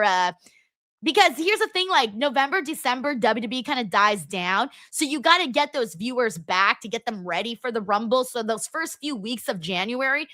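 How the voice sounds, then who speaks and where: A woman's voice: a little high, bright, forceful tone, no echo. A woman in her twenties hosting a casual livestream chat, bubbly and giggly, repeating words for emphasis. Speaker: livestream host reading chat.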